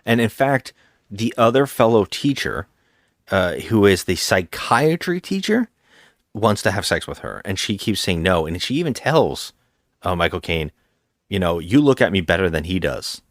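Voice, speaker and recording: A man's voice: fairly low pitch, big pitch swings, measured pace, dry recording, studio quality. A man co-hosting a podcast, casually retelling a film's plot with hesitant, rambling asides. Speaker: podcast co-host. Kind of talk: casual movie-review chat.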